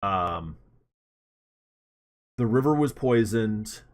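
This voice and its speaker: A man voicing an abbot who recalls old stories slowly, with many pauses. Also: lowish voice, lively intonation. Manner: slow, halting, pauses with ums.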